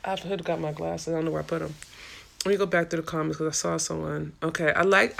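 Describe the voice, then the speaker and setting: A woman talking straight to her live-stream audience, tired but impassioned, dropping swear words as she goes. Her voice has a gravelly edge over a bright, forward tone. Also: sits low, fairly even intonation, fast. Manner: impassioned, swearing, talks to viewers as y'all. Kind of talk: casual live-stream chat reading comments.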